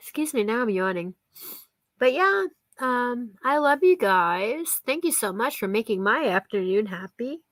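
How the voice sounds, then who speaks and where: A woman's voice: on the high side, very animated, measured pace, fairly bright tone, no room sound. A chatty woman on a live stream talks casually with her viewers. She giggles often and thanks people by name. Her voice sounds dry and close, with little room around it.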